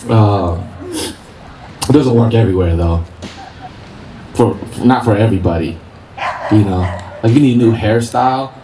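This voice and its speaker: On an outdoor park stage, a man performs a stand-up set, laughing through his punchlines in a lowish voice at a moderate pace with long pauses. A distant mic picks up roomy open-air sound and noise.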